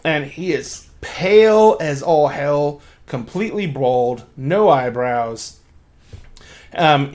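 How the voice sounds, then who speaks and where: A man with a slightly raised voice runs a tabletop game, describing scenes in an easygoing, chatty way. He laughs often and swears freely as he narrates. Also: fairly high pitch. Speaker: game master.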